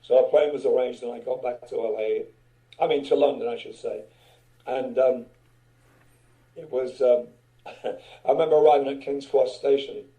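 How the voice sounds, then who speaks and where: Older man, very dark mellow voice. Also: medium pitch, steady tone, normal speed, long pauses, rough recording. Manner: loose, swearing, chuckling anecdotes. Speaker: guest musician. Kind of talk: casual interview storytelling.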